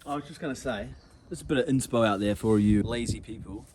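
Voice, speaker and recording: An Australian man chats in a relaxed, joking manner, bantering like he's talking to a mate. His voice sits at an ordinary middle pitch for a man, with faint background hum around him. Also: quick pace. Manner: laid-back, joking, matey. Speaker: vlogger's husband. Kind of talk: casual banter.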